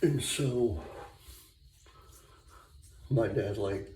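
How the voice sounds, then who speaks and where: A man's voice: medium pitch, animated, slow, long pauses, background noise. A man telling a long casual story in a rambling way with lots of fillers, recorded in a bathroom. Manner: rambling, filler-heavy anecdote with quoted voices. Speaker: shaving vlogger. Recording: echoey room, mic at a distance.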